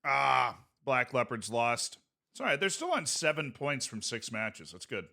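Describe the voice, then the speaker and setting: A man's voice: mid-range voice, very animated, a little slow, vocal fry, pushed and bright. A man streaming a game and chatting casually with his viewers, joking around as he plays. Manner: goofy, playful, jokey asides to chat. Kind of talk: casual gameplay commentary.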